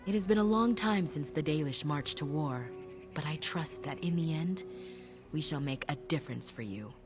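A woman playing a wise elven clan leader, speaking in a formal, measured, solemn way, with game music behind. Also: low voice, expressive. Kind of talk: video game voice acting.

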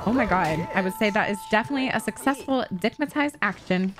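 A woman giving casual let's-play commentary, excitable and gossipy, swearing freely. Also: medium pitch, a little fast, few pauses, faint music behind. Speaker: gaming YouTuber.

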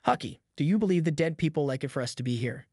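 A man's voice: on the high side, expressive, quick pace, darkish tone, no room sound, clean studio sound. A man voicing Tom Sawyer, a nervous mischievous boy. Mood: nervous whisper.

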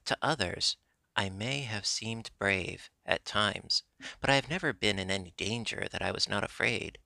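Guy doing a polite grave lion, storybook, low gravelly voice. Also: normal speed, pushed and bright, dry recording, heavily acted. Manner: grave, courteous. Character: timid, dignified male lion.

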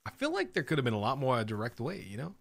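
A man's voice: mid-range voice, wildly swooping pitch, very fast, vocal fry. A man playing a horror game, nervously commenting, laughing and swearing as he goes. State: scared, on edge. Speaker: gaming channel host.

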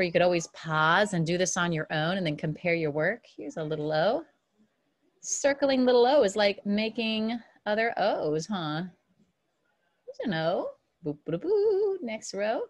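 A woman teaching kindergarten online, cheerfully sounding out letters slowly and talking to young children in a sing-song way. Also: medium pitch.

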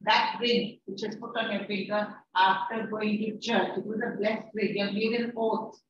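A woman's voice: medium pitch, level tone, moderate pace. A woman teacher giving a classroom lecture. She paraphrases the lines she reads, repeats herself and scolds her students. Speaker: English teacher. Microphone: distant room mic. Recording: echoey, distant, dull and noisy.

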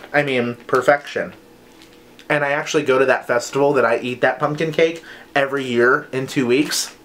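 A man's voice: medium pitch, a bit bright, a little hiss or hum. A man chatting enthusiastically and playfully as he reviews scented wax melts in a casual haul video.

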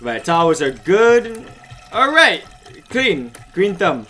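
Let's play guy, jumpy, lively voice, bright and sharp, keeps talking to viewers. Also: fairly high pitch, fairly quick, a little hiss or hum. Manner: frantic, excitable, chatty with viewers. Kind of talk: gaming commentary.

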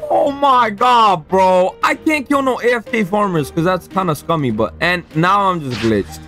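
A young man commentating his own gameplay in a high, lively voice that leaps from low mutters to loud, exasperated outbursts. Loud game music plays clearly under his desk-mic recording. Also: moderate pace. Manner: excitable, swings between flat mutters and frustrated shouts. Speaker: gaming YouTuber.

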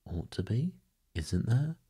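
A man's voice: on the low side, big pitch swings, takes it slowly, warm tone, husky, pitched above the performer's own voice, full character voice. A man voicing a young girl, eager and wondering, asking curious questions in a bedtime storybook reading.

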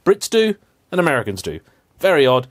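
Car guy vlogging, lively up and down voice, half joking half annoyed rant. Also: on the high side, fairly quick. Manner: animated, emphatic, playfully indignant. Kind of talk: humorous rant to camera.

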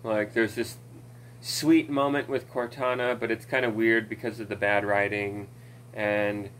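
A man's voice: lowish voice, flat delivery, unhurried, fairly bright tone, a little hiss or hum, rough recording. A man ranting casually about a video game, rambling and swearing, with many fillers and laughs, recorded at home on a desk mic. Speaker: gaming commentator.

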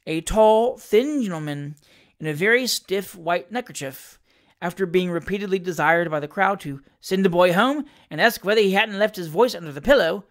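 An audiobook reader telling a classic comic novel aloud with expressive storytelling. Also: medium pitch.

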